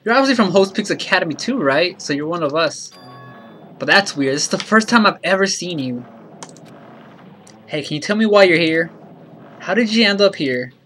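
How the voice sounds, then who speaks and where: A man voicing an aloof, contemptuous young man, reading game text aloud flatly and quietly. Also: sits high, normal speed, pauses often, faint music behind. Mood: cold.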